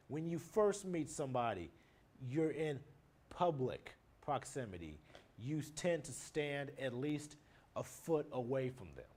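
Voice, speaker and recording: Man, teacher, lecture, plain explaining, middle pitch. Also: a little mellow. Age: adult, married. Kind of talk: recorded lecture on nonverbal communication.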